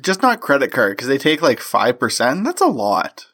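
A man's voice: medium pitch, wildly swooping pitch, normal speed, bright, forceful tone. A man hosting a comedy podcast, joking around and running quiz games in casual chat. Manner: goofy, hosts quiz games. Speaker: podcast host.

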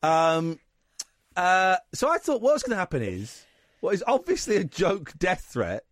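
A man's voice: sits high, very animated, measured pace, no room sound. A man hosting a radio talk show in the studio, telling a rambling anecdote full of quoted voices. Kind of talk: casual radio chat, storytelling.

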